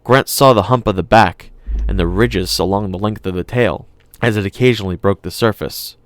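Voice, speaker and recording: A man reading an audiobook aloud in calm, measured scripted narration. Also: on the low side, dry recording, studio quality.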